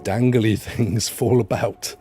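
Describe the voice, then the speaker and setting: A man's voice: fairly low pitch, steady tone, slow, warm tone, soft background music. A man doing a teasing old doctor.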